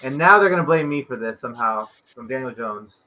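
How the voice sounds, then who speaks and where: A man's voice: mid-range voice, expressive, brisk, pushed and bright, slight background noise, low-quality recording. A man co-hosting a casual sports stream, talking loosely with lots of filler and trailing off at sentence ends. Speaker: co-host.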